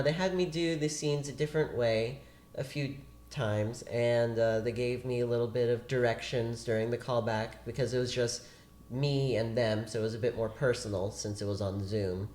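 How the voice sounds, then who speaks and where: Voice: medium pitch, a little mellow. An actor as a guest, telling a long story in a chatty, rambling way during a casual interview. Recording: roomy echo.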